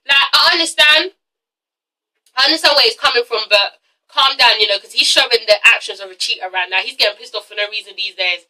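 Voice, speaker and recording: A woman's voice: on the high side, fairly quick, sharp tone, recorded from a distance, rough recording. A woman reviewing a TV episode in a casual, gossipy rant, frank and swearing freely. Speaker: TV show reviewer.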